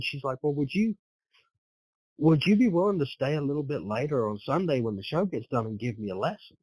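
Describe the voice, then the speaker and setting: A man's voice: medium pitch, animated, brisk, darkish tone, slightly rough, no echo, poor audio. A man from Britain, a horse trainer, telling rambling stories as a podcast guest, repeating words and swearing now and then. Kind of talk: casual storytelling.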